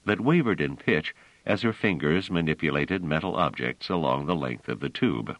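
A man narrating an audiobook in a measured, expressive storytelling manner. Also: very deep voice, no room sound, poor audio.

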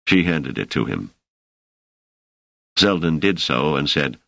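A man narrating an audiobook in an expressive, measured way on a close studio mic. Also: a bass voice, vocal fry, no room sound. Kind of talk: scripted narration.

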